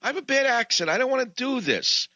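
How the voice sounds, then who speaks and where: A man voicing a reluctant, self-pitying Moses who complains in a high, whining voice. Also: expressive, brisk, bright, forceful tone, dry recording, dull audio, full character voice. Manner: whining, high-pitched kvetching.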